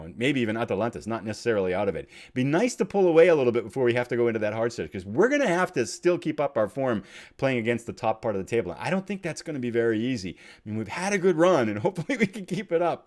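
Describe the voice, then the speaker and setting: A man hosting a let's play, thinking aloud as he plays and swinging from quiet muttering to loud excited cheering. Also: fairly high pitch. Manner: chatty, thinks aloud while clicking. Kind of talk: game commentary.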